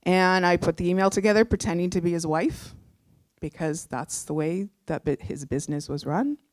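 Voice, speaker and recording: Middle-aged woman telling a lively story. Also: on the low side, moderate pace, no room sound. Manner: animated, chatty, with many fillers and restarts. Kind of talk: personal storytelling on a live show.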